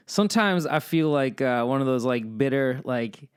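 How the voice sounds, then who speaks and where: A man's voice: expressive, smooth. Joking, rambling young man hosting. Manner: rambling, joking, quick swings in pitch. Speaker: podcast host. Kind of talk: casual solo podcast chat.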